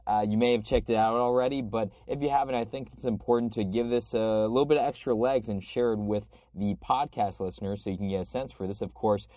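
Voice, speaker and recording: A man's voice: lowish voice, fairly even intonation, fast, hardly any pauses, mellow, dry recording. A man with a cold hosting a podcast, reading an article aloud in a conversational way. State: has a cold. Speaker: podcast host.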